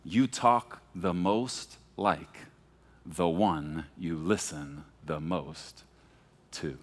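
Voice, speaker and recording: A pastor from Texas preaching a sermon, moving between hushed, slow emphasis and animated, emphatic passages. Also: male voice, deep voice. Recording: long hall reverb.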